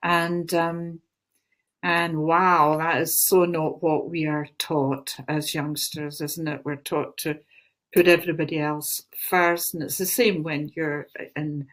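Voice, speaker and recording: An older woman with a Glaswegian Scottish accent, a guest spiritual teacher talking in an unhurried, gentle way with many fillers. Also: low voice, flat delivery. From Scotland. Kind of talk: casual spoken talk.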